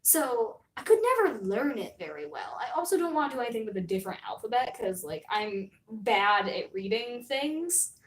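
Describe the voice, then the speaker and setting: A woman's voice: fairly high pitch, sing-song, moderate pace, hardly any pauses, roomy sound. A young American woman streaming, chatting casually in a rambling way, full of fillers and laughs. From United States.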